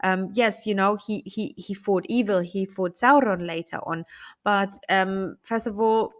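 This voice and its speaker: A woman co-hosting a casual chat, talking with many fillers and quick affirmations. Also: medium pitch, fairly even intonation. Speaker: co-host discussing Tolkien lore.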